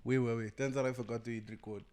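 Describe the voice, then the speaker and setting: A man's voice: mid-range voice, little pitch movement, fast, crowd noise. Thoughtful young man from South Africa. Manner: thinks aloud, many fillers and restarts. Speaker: podcast guest. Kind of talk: casual podcast discussion. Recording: muffled sound from a camera's built-in mic.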